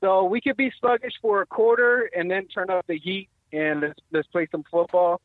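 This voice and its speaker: A man's voice: high voice, fairly even intonation, moderate pace, dry recording. A man calling in to a sports radio show, hyped and trash-talking as a fan. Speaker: caller. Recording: dry, tinny phone line.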